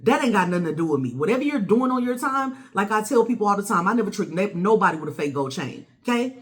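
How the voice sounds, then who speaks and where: A woman, telling a personal story to the camera in a blunt, animated way with plenty of swearing. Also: mid-range voice, fast. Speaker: vlogger. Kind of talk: casual storytelling.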